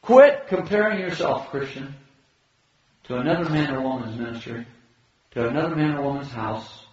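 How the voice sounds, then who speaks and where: A man preaching a sermon as pastor, animated, swinging between loud high exclamations and quiet low asides. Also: normal speed. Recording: echoey hall, dull lo-fi sound.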